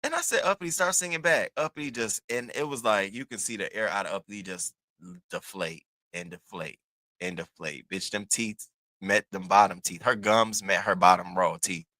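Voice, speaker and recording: Dishing gossip as a commentary host, this animated, sassy man talks at normal speed, swearing and using plenty of slang. He leaps into high squeals now and then, and the recording has no echo.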